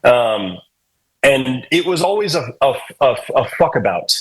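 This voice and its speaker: A man from New England with a husky, slightly raspy voice, talking loosely and profanely as a podcast guest. He tells long, meandering stories and jumps into quoted voices. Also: medium pitch, big pitch swings, a little slow, poor audio. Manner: rambling, profane, joking, acts out quotes. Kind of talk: casual storytelling chat.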